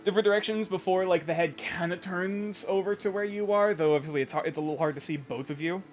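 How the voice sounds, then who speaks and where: A man running a tabletop game as game master, animated and sometimes hesitant as he checks rulings. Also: high-pitched, fast.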